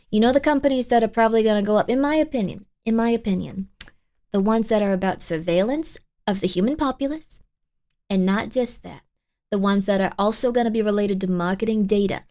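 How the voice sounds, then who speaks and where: A streamer putting on an accented voice to play a blunt, bossy fortune teller who gives lecturing money warnings. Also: female voice, mid-range voice, darkish tone, natural voice. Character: blunt brash woman fortune teller doing tarot. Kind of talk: put-on-accent tarot reading on a livestream.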